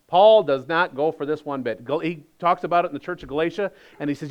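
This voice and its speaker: A man pastor delivering a sermon with a slightly high-pitched voice. He talks in a conversational way, leans hard on his key points, and slips in wry humor. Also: fast talker, hardly any pauses, lo-fi sound.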